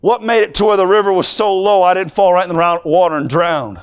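A young man preaching a sermon, moving from plain talk to fervent, shouted preaching. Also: sits high, quick pace, smooth.

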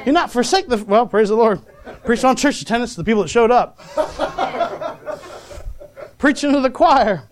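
A man's voice: very high-pitched, expressive, a little slow, pauses often. A man preaching a sermon as pastor, repeatedly asking the congregation for an amen, with chuckling asides.

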